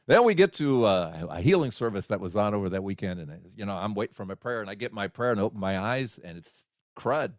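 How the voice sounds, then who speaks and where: A man hosting a faith talk show, animated and swinging from quiet remarks to exclamations. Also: fairly low pitch, fast talker, no room sound, clean studio sound. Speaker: radio show host. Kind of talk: conversational interview.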